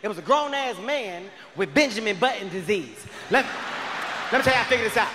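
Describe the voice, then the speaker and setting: A man doing stand-up, telling a story in a loud, shouting, animated way. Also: high-pitched, fast talker, noisy background. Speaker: stand-up comedian. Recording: live stage in a large reverberant hall.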